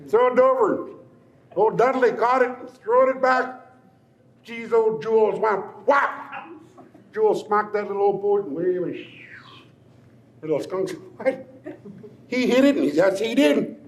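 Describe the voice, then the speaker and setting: A man's voice: high voice, unhurried, long pauses. An older man, a tribal elder, telling a traditional story in a playful, chuckling, teasing way. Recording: echoey room, faint ambience.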